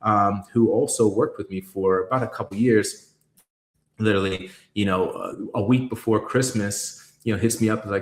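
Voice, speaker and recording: A man's voice: fairly low pitch, steady tone, moderate pace, reverberant. A man telling a personal story in a candid interview, emphatic and profane, restarting his sentences often. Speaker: guest, creative executive.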